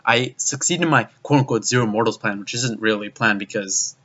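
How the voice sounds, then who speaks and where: A man's voice: medium pitch, brisk, pushed and bright. A young man delivering a profane, exasperated video review rant, with frequent restarts. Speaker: anime reviewer. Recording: dull lo-fi recording.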